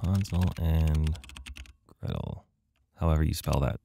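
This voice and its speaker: A man does let's play commentary on an adventure game, cracking self-mocking jokes and reading the game text aloud. He has a steady, gravelly, warm bass voice and takes his time. There's slight background noise.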